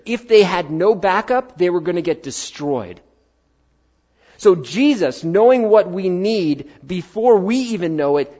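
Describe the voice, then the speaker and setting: A lively male preacher, his pitch swinging widely as he acts out voices and drops to near-quiet for emphasis. His voice sits a bit high for a man. The recording is muffled and lo-fi. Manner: animated preaching, acting out quoted voices, dropping to quiet emphasis. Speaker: pastor. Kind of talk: sermon.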